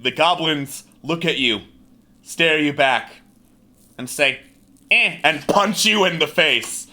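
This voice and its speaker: A man's voice: fairly high pitch, slow pace, pushed and bright. A man narrating a tabletop game as game master, playful and often laughing.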